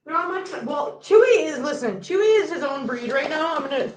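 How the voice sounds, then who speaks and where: A woman's voice: high-pitched, animated, fairly quick, echoey room, low-quality recording. A woman hosting a casual livestream from home, chatting and joking while she talks to her cats. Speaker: host.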